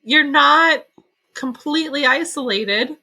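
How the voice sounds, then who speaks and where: Bright-voiced blunt woman podcaster. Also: sits high, takes it slowly. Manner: blunt, swears often, laughs a lot. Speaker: podcast co-host. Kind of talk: casual book review chat.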